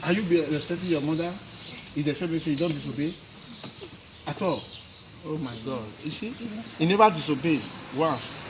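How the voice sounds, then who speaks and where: A man's voice: fairly high pitch, moderate pace, pauses often, background noise. A man preaching and questioning his congregation, repeating tag questions like "eh?" as he goes. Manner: questioning, repetitive tag questions, Nigerian Pidgin. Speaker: pastor. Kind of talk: sermon questioning children and congregants.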